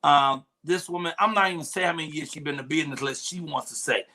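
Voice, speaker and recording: A man hosting a live talk show, lively and playful, hyping guests to the audience. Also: a little high, quick pace. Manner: hype, animated, playful repeats. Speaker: host.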